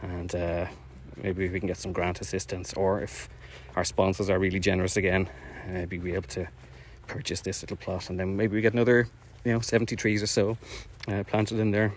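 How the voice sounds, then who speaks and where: A man's voice: deep voice, monotone, fairly quick, few pauses, a little hiss or hum. A man chatting casually outdoors while walking, a little out of breath, rambling with many fillers as he narrates a live stream. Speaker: orchard project owner streaming drone flights. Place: outdoors in fields.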